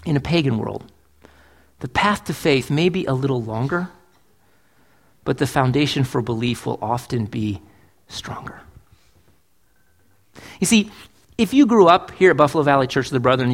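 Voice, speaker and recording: A man's voice: medium pitch, expressive, brisk. Man, pastor, sermon in church, emphatic, rhetorical questions. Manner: emphatic, asks rhetorical questions, acts out quotes.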